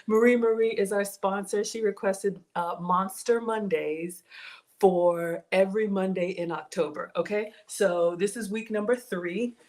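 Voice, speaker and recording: A woman's voice: mid-range voice, a little slow, a little mellow. A middle-aged woman hosting a casual home cooking livestream, playful and chatty as she greets viewers by name. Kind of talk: casual live cooking stream chat. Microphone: streaming from home setup.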